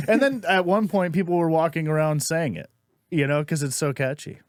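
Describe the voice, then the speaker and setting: A man who does stand-up, co-hosting a podcast in laid-back, casual comedic banter that drops low mid-story. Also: moderate pace, no room sound, studio quality. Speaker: stand-up comic and podcast co-host.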